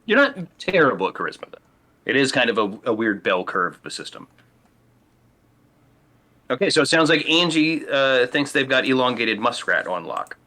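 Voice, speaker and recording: A man's voice: medium pitch, big pitch swings, moderate pace, pushed and bright. A man acting as game master, patiently explaining the rules of a tabletop role-playing game with plenty of fillers.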